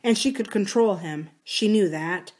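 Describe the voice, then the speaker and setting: A woman, a library book reader, narrating a novel aloud calmly and steadily. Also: medium pitch, unhurried.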